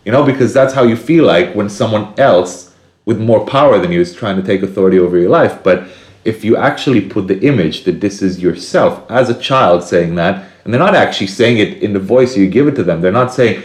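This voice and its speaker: A deep-voiced man talks in an earnest, reflective way, thinking aloud in casual conversation. His low voice carries a noticeable room echo. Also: lively intonation, a little fast. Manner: earnest, acts out inner voices with sudden high bursts.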